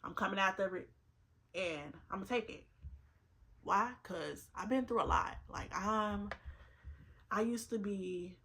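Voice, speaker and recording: Speaking in an unhurried, mid-range voice with a bright, forceful tone, this twentysomething vlogger leaves long pauses as she gets ready on camera. Her get-ready-with-me chat is casual but earnest, and she repeats things for emphasis while fighting back tears.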